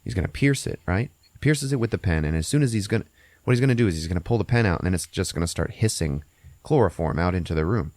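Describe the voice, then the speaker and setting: A man hosting a podcast, recapping a movie in a profane, animated, laughing way. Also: deep voice, quick pace, dry recording. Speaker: podcast host.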